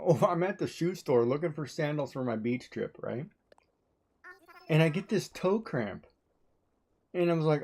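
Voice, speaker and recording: A woman's voice: sits low, a little mellow. A woman streamer chatting casually as she plays, telling stories with frequent laughter. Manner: chatty storytelling, laughing often. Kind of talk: casual chat while playing a game.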